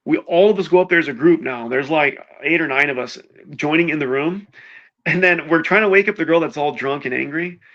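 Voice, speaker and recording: A man with a slightly high voice tells a wild story in casual chat. He swears freely and jumps into everyone's quoted lines. The sound is dull and lo-fi. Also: brisk. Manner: animated, swears a lot, acts out quotes. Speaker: co-host telling a party story.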